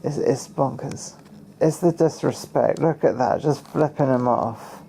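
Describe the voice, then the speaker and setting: A man's voice: mid-range voice, unhurried, creaky, mellow, slight background noise. A man giving casual, playful commentary on a TV episode, spinning fan theories and acting out characters' lines.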